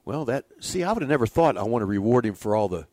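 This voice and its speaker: An older man spins stories at a relaxed, conversational pace. He is animated and chuckles easily, and his voice sits in a middle range. The sound is dry and close, with no room around it. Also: medium pitch, fast talker, no echo. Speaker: former baseball pitching coach. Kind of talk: casual storytelling in conversation.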